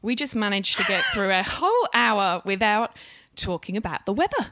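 A woman's voice: mid-range voice, big pitch swings, moderate pace, fairly bright tone, dry recording. British woman interviewer, dry close sound. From United Kingdom. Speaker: podcast co-host and interviewer. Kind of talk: casual podcast chat.

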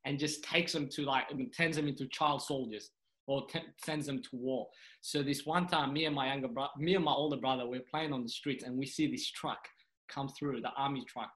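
A young man from Sudan, a comedian guest on a podcast, telling a personal story in an earnest, animated way, often saying "you know" and "man". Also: medium pitch, brisk, rough recording. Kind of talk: casual storytelling interview.

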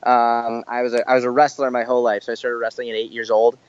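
A man's voice: mid-range voice, fast, clear, resonant tone, no room sound, highs cut off. A man, a fitness coach guest, talking casually and energetically. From Boston, USA. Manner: energetic, casual, says "like" a lot. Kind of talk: casual interview chat.

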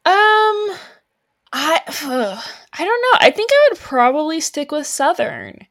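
A woman's voice: sits high, huge pitch swings, slow pace, a bit bright, dry recording. Chatty young woman with a dry sound. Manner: chatty, laughs often, many fillers. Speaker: podcast co-host. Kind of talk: casual chat.

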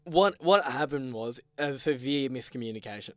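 A man's voice: medium pitch, lively intonation, moderate pace, fairly bright tone, no echo, studio quality. A young Australian man co-hosting a podcast, telling a story in casual chat with a lot of self-mocking laughter. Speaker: podcast co-host.

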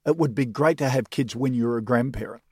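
A man's voice: mid-range voice, brisk, husky, no echo, studio quality. Hearty older Australian man. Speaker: guest panelist. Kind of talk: casual panel chat.

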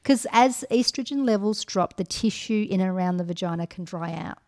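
A woman's voice: medium pitch, fairly quick, darkish tone. Frank middle-aged woman, podcast co-host. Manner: frank, many ums and restarts. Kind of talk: casual advice chat.

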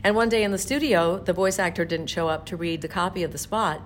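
Older american lady, lowish voice, chatty storyteller, little bit of faint hiss behind. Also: quick pace. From southern United States. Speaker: voice actor and singer, guest. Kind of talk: interview chat.

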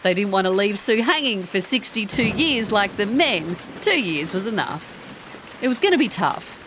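A woman hosting and narrating a story podcast with expressive delivery. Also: mid-range voice, normal speed, background noise. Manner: expressive, rising with excitement. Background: background music.

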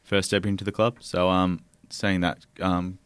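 A young Australian man, a footballer, answering podcast questions hesitantly, with many pauses and fillers. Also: low-pitched, level tone, fairly bright tone, clean tone, no echo. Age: young adult. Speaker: footballer guest. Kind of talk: casual podcast interview.

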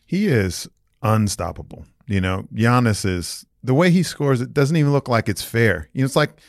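A man's voice: medium pitch, normal speed, dry recording, studio quality. A man co-hosting a sports talk show, rambling and joking in casual chat. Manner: animated, rambling, jokey. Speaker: podcast co-host.

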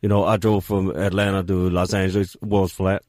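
A man doing a deep-voiced, stubborn Southern guy. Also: flat delivery, brisk, darkish tone, no room sound, clean studio sound, close to an everyday voice. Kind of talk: comic impression in podcast chat.

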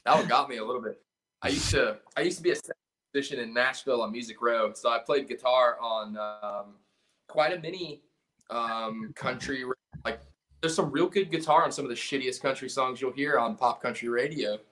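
A man's voice: mid-range voice, normal speed, sharp tone. Drawling profane man. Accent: Southern US drawl. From California. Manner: rambling, profane, laughs often. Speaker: punk band guitarist guest. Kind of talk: casual podcast chat.

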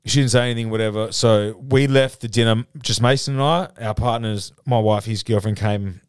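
Crisp-voiced Australian man swearing through a story. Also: fairly low pitch, brisk, no echo, studio quality. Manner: swears freely, rambling, animated storytelling. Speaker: podcast co-host. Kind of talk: casual podcast chat. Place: podcast studio.

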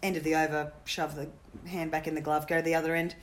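Speaking as an interview guest, this former cricketer and coach, a woman in middle age, tells fast, funny stories in a casual way. Her voice is low and level, with a little noise in the background.

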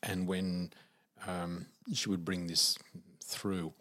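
A middle-aged man with an Australian accent tells his stories in an animated, easygoing way and laughs through them. His voice sits fairly low. He talks like someone chatting with a friend. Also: slow. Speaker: psychic, podcast guest. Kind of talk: conversational storytelling.

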